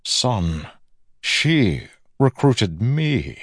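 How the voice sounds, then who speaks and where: A man's voice: mid-range voice, big pitch swings, extremely slow, a bit bright, no echo, studio quality, pitched above the performer's own voice, heavily acted. A man voicing a cold, scheming older male villain who talks down to his foe in a commanding, smugly threatening way. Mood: lecturing.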